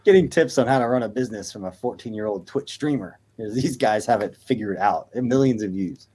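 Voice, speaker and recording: Man in his thirties, low-pitched, chatty podcast co-host who rambles with lots of fillers. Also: brisk, dark tone, husky. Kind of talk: casual sports podcast chat.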